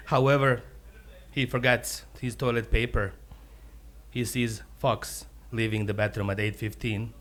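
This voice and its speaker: Animated profane stand-up comedian, man. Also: mid-range voice, slow pace, long pauses. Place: brewery taproom, live show.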